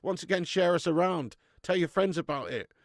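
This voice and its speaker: A man's voice: sits high, moderate pace, no echo, clean studio sound. A man, hosting a casual live stream and bantering with viewers in a chatty, matey way, laughing often.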